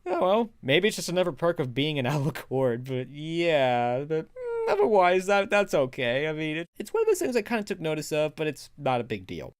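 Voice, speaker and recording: A man giving a casual, rambling spoken review, laughing often and jumping into excited high quoted voices. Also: normal speed, no echo, clean studio sound. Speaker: video reviewer.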